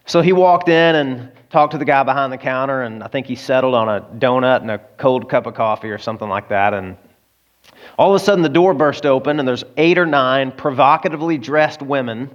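A man's voice: mid-range voice, a little fast, highs cut off. Conversational male preacher telling a story. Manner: conversational, with asides to the listeners. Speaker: pastor. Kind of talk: sermon storytelling.

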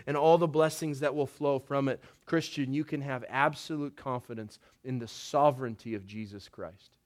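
Preaching as a pastor, a man in his thirties speaks in a mid-range voice, conversational and laced with wry humor. He slows down for emphatic phrases.

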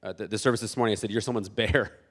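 Animated male pastor preaching. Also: on the low side, very fast. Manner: animated, acts out imagined church members; many restarts and repeated words. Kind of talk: sermon.

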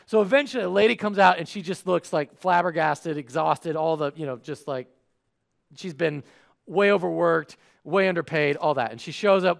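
A man's voice: on the high side, fairly quick, vocal fry. A man preaching a sermon, telling a funny everyday story and acting out the voices in it. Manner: animated, acts out voices. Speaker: pastor.

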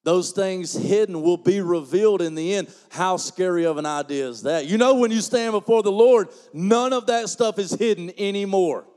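A pastor preaches a folksy, joking sermon, swinging between quiet asides and loud, emphatic preaching. His voice sits high, and the sound is that of a big room.

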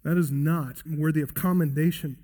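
A man preaching a sermon as pastor-teacher, earnest and expository, slowing down to stress key points. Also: high-pitched, a little mellow. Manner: earnest expository preaching, varies pace for emphasis.

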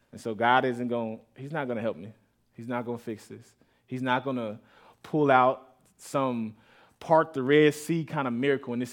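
A man delivers a heartfelt sermon from the pulpit, his voice sitting at an ordinary middle pitch. He tells a personal story and grows more intense at its hardest moments. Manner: emotional, rising intensity at moments of grief. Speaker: pastor.

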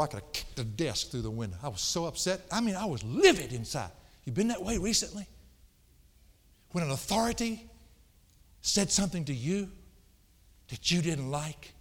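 A middle-aged man preaching a sermon, folksy and emphatic, jumping from loud outbursts to hushed asides. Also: on the high side, animated, normal speed, pauses often. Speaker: pastor. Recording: long hall reverb.

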